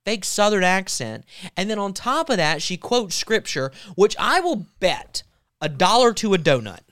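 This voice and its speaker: A male talk show host giving sarcastic, animated commentary in a casual chat. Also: sits high, moderate pace, dry recording, studio quality. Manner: animated and sarcastic, mocks quotes.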